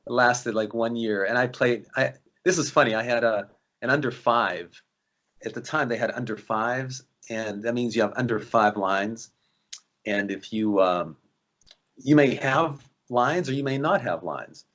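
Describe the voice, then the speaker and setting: Guy telling showbiz stories, mid pitch, does little voices for people, kinda muffled audio. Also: a little slow. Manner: animated, acts out quoted voices. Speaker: actor guest. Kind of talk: casual storytelling interview.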